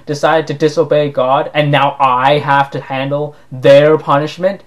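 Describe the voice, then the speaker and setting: A man's voice: fairly high pitch, little pitch movement, normal speed, hardly any pauses. A man delivering an opinion monologue to camera in a sarcastic, argumentative way, rising now and then to indignant outbursts. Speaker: vlogger.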